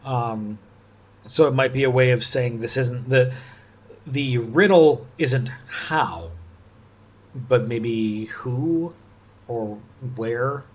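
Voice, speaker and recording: Slow, musing man thinking aloud. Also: medium pitch. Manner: musing, halting, with frequent restarts and soft laughs. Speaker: puzzle-solving video host. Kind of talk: thinking aloud while solving a puzzle.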